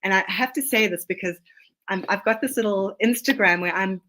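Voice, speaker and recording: This is a woman with a South African accent, a guest on a casual podcast. She talks with excitement and rambles, often restarting her sentences. Her voice sits at a middle pitch. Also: fairly quick, a little hiss or hum. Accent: South African, Johannesburg. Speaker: guest, oracle deck author.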